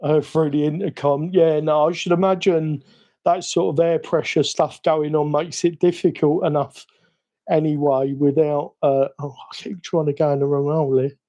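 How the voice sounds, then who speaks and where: A man's voice: a little high, little pitch movement, moderate pace, warm tone. A man with a Cockney accent chatting casually and rambling with self-mocking asides during a live stream. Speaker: hobby livestream host. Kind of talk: casual live-stream chat while working.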